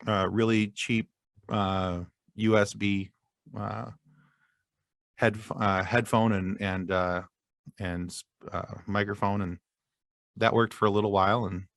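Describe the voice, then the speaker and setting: A man talks on a podcast as a guest, pausing and restarting as he pokes fun at himself. His voice is low and gravelly with lots of fry, in a dry, close recording. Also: little pitch movement, a bit bright, no echo. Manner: halting, many fillers and restarts, self-deprecating. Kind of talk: casual podcast chat.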